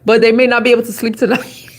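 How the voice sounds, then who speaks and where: A woman's voice: fairly high pitch, level tone, fast. A woman tarot reader chatting casually on a live stream, giggling and breaking into fits of laughter.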